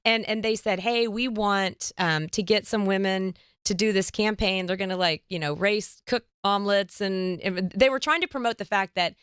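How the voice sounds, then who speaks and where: A woman hosting a podcast, telling a story in a lively, chatty way and squealing up high when she quotes herself. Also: normal speed, few pauses, clean tone, no room sound, studio quality. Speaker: podcast host. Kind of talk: casual storytelling chat.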